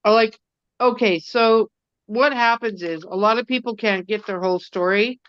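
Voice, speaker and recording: A woman's voice: mid-range voice, moderate pace, clear, resonant tone, dry recording. A woman chats on a video call, laughing easily and explaining how things work. The sound is very dry, with no room around it. The call audio is dull and muffled. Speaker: researcher friend on a video call. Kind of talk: casual chat.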